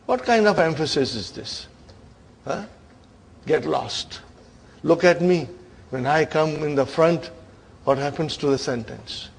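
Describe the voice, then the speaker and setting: A bossy, scornful grammar particle, played by a man in a classroom story, talking down to a rival with mocking questions. The voice sits a little high and moves slowly and deliberately. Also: expressive, creaky, breathy edge, full character voice.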